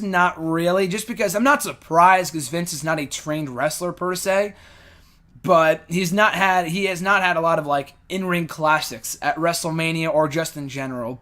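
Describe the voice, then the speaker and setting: A man's voice: on the high side, moderate pace, sharp tone. A young man hosting a casual show, rambling through fan questions with lots of fillers and blunt opinions. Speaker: host answering fan questions. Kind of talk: casual chat.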